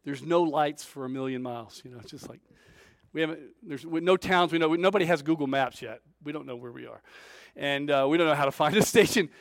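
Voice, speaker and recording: A man preaching, telling a story with big swings between loud and soft and acting out the voices of the people in it. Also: on the high side, fast, creaky, dry recording, studio quality. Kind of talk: storytelling sermon.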